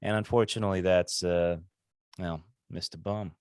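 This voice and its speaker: A man co-hosting a casual podcast, sharing strong opinions in an animated, profane way. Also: low voice, normal speed, smooth, dry recording, clean studio sound. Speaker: podcast co-host. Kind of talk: casual chat.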